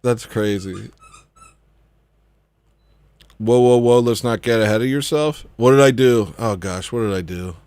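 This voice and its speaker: A man's voice: mid-range voice, unhurried, pauses often, darkish tone, no echo, clean studio sound. Joking young man on a livestream. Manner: joking, rambling, laughs often. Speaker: livestream host. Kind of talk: casual livestream chat.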